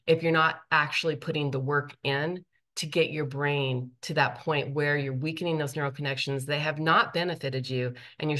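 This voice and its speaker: A woman's voice: low-pitched, a bit bright. A woman presenting a live workshop, speaking emphatically, repeating her points and checking in with her listeners. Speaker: workshop presenter, teaching professor.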